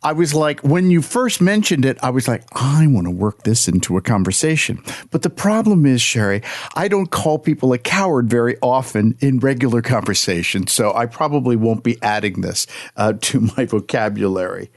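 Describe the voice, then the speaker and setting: Podcast co-host, man, very expressive pitch, dry close sound, easygoing and self-mocking. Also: moderate pace, dry recording. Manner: animated, self-deprecating, laughs easily. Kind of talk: casual chat.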